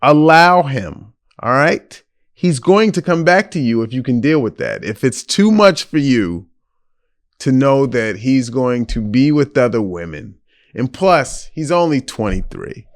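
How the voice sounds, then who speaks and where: Blunt, animated man giving advice. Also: medium pitch, measured pace. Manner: blunt, frank, lively delivery. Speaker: podcast host giving advice. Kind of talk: casual advice podcast.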